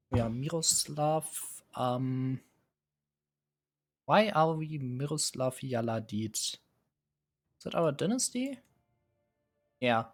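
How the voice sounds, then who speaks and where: A man streaming live, casually musing and hesitating as he sets up a strategy game, chuckling often. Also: mid-range voice. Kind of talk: casual live gameplay commentary.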